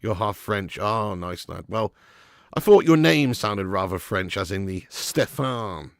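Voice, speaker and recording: A man's voice: fairly low pitch, expressive, measured pace, gravelly, dry recording, studio quality. A man hosting a live football watch-along, chatting with viewers by name and commentating with sarcasm.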